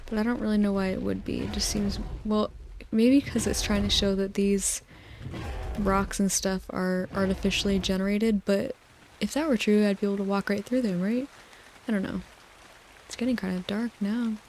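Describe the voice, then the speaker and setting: Soft-spoken young woman, sleep rambling. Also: medium pitch, fairly even intonation, moderate pace, a little hiss or hum. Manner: gentle, meandering, with frequent "like" fillers. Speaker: sleep video creator. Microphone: close microphone.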